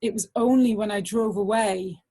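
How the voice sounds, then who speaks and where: A middle-aged woman tells a personal story as a guest speaker, with a husky, breathy edge to her mid-pitched voice. She talks animatedly and keeps dropping in "like" as she goes. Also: normal speed. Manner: animated, full of "like" fillers, acts out voices.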